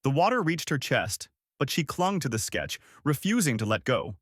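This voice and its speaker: A man narrating a story in a measured, solemn way. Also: mid-range voice, very animated, a bit bright, no echo, clean studio sound.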